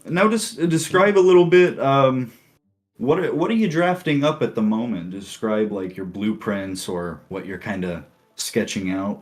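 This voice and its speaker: A man narrating a tabletop game as game master in a relaxed, chatty way, laughing easily. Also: on the low side.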